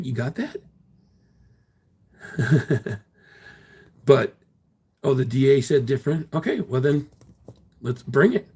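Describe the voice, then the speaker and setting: Gravelly, husky man streaming live. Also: mid-range voice, a little mellow. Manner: defensive, blunt, swears freely. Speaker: livestream host. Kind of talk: casual livestream chat reading comments.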